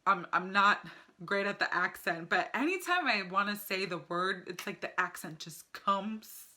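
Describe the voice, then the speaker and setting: A woman's voice: mid-range voice, animated, unhurried, bright, forceful tone, slight background noise. A young American woman vlogging casually at home, chatty and enthusiastic, often laughing as she talks to the camera. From United States. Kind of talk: casual vlog review.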